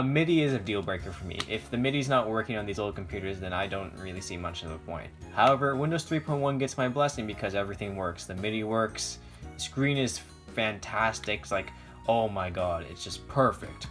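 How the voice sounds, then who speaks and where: A man's voice: lowish voice, a bit bright. A man reviewing an old laptop in a casual vlog, ranting and swearing about resale prices. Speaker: retro computer vlogger.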